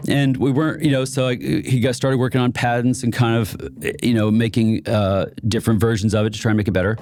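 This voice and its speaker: A man's voice: medium pitch, steady tone, a little fast, darkish tone, faint music behind. A man being interviewed about inventors, telling stories in a loose, chatty way with frequent laughs and restarts. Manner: chatty, laughs often, many fillers and restarts. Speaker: guest who supports inventors. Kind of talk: casual storytelling chat.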